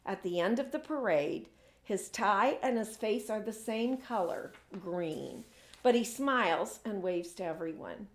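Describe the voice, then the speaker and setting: A woman, a children's author, reading her picture book aloud in an expressive storytelling way. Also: mid-range voice, measured pace. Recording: echoey room.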